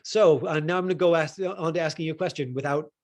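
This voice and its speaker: Rambling acting coach, slightly high voice. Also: male voice, quick pace, darkish tone. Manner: rambling, lots of fillers and restarts. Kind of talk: casual teaching critique.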